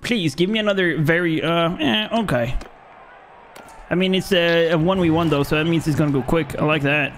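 A man, not an English speaker, commenting on his own gameplay, taunting enemies playfully and yelling out in fights. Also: normal speed, slight background noise. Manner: playful trash talk at enemies; bursts into high shouts during fights. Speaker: gaming YouTuber. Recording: game music playing behind.

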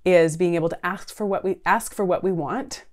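A woman counsellor in her thirties talks earnestly to camera, her voice sitting a touch low for a woman. She speaks in a conversational way, checking in with the listener and leaning on casual fillers. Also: normal speed. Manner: earnest, conversational, frequent "right?" and "like". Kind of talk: talking-head advice video.

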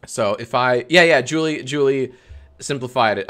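A male streamer chatting casually on a live stream, reading out viewer comments between loose, rambling asides. He swears freely and keeps cracking up, with an ordinary mid-pitched voice. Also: normal speed, a bit bright. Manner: swears freely, breaks into laughter, rambling restarts. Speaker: livestream host.

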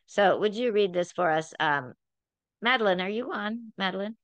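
A woman's voice: lowish voice, a little slow, no echo. A woman leading a Bible study, preaching in an earnest, emphatic and conversational way.

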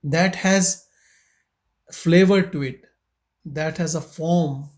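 A man gives a slow, reflective spiritual talk to a gathering. His voice sits on the high side, and he speaks very unhurriedly, pausing between questions. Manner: slow, questioning, with long pauses. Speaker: spiritual teacher leading satsang. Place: meditation centre hall.

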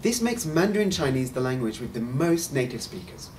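A man hosting a scripted Mandarin lesson, explaining clearly and encouraging the listener to repeat. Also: medium pitch, big pitch swings, a little mellow, recorded from a distance, slight background noise. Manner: clear, encouraging, models sounds slowly. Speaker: host and Mandarin teacher.

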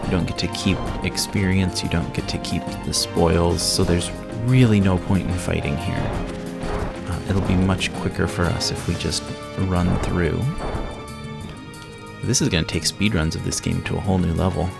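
A man casually commenting on a game he plays, explaining mechanics in a relaxed, self-correcting way into a sensitive desk mic. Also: sits low, normal speed, vocal fry. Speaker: let's play host. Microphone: sensitive desk microphone. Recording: game music under the voice.

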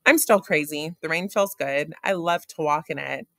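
A man's voice: on the high side, normal speed, gravelly, fairly bright tone, dry recording. A man voicing a curious, dreamy teenage girl in a read-aloud of a novel. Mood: playful.

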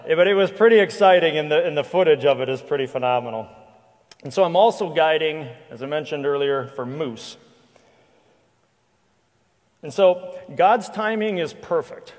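A man with a slightly higher voice tells a hunting story to a church crowd in a lively, anecdotal way, often restarting his sentences. His voice carries a long reverb from the large hall around him. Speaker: guest speaker and hunting guide. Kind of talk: storytelling talk to a church audience. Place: church hall with live audience.

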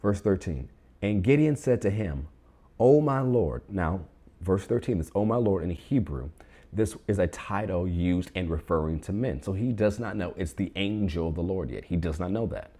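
A man's voice: low-pitched, moderate pace, mellow, breathy edge. A man preaching a sermon, reading scripture aloud and urging the online congregation to repeat phrases after him. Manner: preaching with call-and-response prompts to the online congregation. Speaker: pastor.

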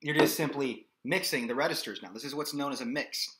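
A man's voice: medium pitch, a little fast, fairly bright tone. A man teaching a singing lesson in a casual, explanatory way, often checking in with "okay?". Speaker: vocal coach. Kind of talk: singing lesson with sung demonstrations.

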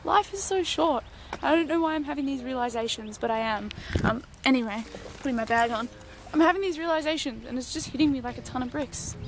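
A woman's voice: high-pitched, fairly quick, noisy background. Chatty woman, breathless. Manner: rambling, chatty, self-deprecating. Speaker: vlogger. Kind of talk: casual vlog chat. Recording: music playing behind.

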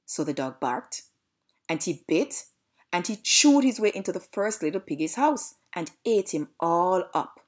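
Lively Jamaican woman telling a story. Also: fairly low pitch, moderate pace. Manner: lively read-aloud narration. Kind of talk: storybook reading.

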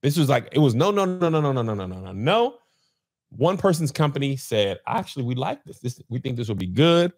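A man's voice: mid-range voice, a little fast. A man hosting a podcast, telling a story in casual chat and acting out the quotes. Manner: animated storyteller, acts out quotes. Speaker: podcast host.

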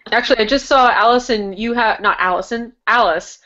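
Joking woman with a high voice. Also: fairly quick, pushed and bright, dull audio. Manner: joking, laughs easily. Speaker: book club member. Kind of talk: casual video-call chat. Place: bedroom. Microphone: video call.

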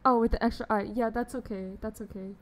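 A young woman streams a game live, chatting casually and bubbly with her viewers and laughing often. Her voice is on the high side with fairly even intonation, moving a little fast, and she giggles as she talks to chat.

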